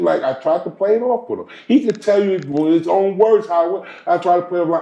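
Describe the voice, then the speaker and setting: A man's voice: high voice, fast talker, creaky, hardly any pauses, mellow, echoey room, dull audio. A man hosting a podcast, telling a story in casual, emphatic chat with lots of asides. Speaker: podcast host.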